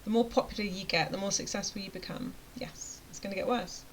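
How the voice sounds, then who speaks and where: A chatty woman delivers a motivational rant straight to her viewers. Her voice is middle-pitched, and she is emphatic one moment and close to a whisper the next. A faint hiss sits under the recording. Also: fairly quick, rough recording. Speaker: vlogger and web design coach.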